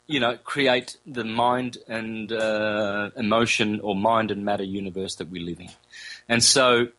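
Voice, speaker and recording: A man, a guest in an interview, explaining at length in a loose conversational way, often repeating himself and sounding out vowels slowly. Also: fairly low pitch, sharp tone, rough recording. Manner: loose, conversational, with fillers and self-corrections.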